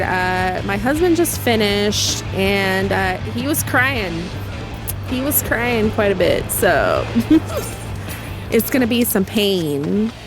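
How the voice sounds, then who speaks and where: A young adult woman streaming a game in casual chat, chatty and excitable, often gasping. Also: a little high.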